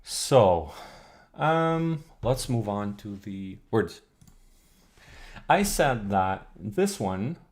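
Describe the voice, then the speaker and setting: Low gravelly guy streaming a lesson, kinda thinks out loud, fixes himself a lot. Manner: thinks aloud, restarts and corrects himself; reads chat questions and answers them. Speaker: streamer teaching an old alphabet book. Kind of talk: live-streamed explanatory lesson.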